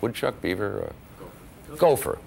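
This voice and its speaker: A man's voice: lowish voice, sing-song, measured pace, gravelly, very noisy. A man being interviewed about a film he acted in, telling an anecdote with chuckles. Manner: storytelling, chuckling. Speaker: actor recalling a film.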